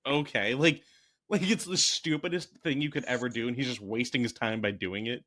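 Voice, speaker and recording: A man co-hosting a casual movie podcast, animated and laughing often as he acts out scenes. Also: mid-range voice, normal speed. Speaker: podcast co-host. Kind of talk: casual movie review chat.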